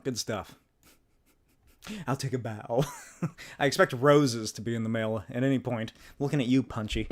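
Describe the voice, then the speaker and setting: A man's voice: mid-range voice, steady tone, moderate pace, long pauses. A man hosting a comics livestream, giggly and joking in casual chat, swearing casually. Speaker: comics channel host.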